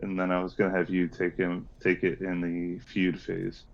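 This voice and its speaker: Deep gravelly guy calmly running the raid on voice chat, kinda muffled lo-fi audio. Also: moderate pace. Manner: calm, directing the group. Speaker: raid leader. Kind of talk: casual voice chat while gaming.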